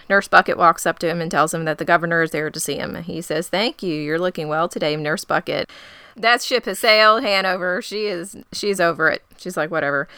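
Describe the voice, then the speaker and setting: A woman's voice: fairly low pitch, bright, forceful tone, clean tone, no echo, studio quality. A woman co-hosting a podcast, recapping a show with sarcastic, exasperated asides. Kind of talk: casual chat.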